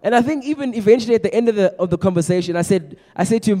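A young man preaching to a youth group in a chatty, energetic way, often repeating his words. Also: sits high, rapid-fire, few pauses. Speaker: youth pastor. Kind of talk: youth sermon. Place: large room with a youth audience. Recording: long echo of a large hall.

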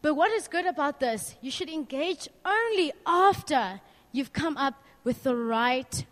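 A young woman speaking to a youth group as its leader, earnest and personal, asking the group lively questions. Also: sits high, unhurried. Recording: long hall reverb.

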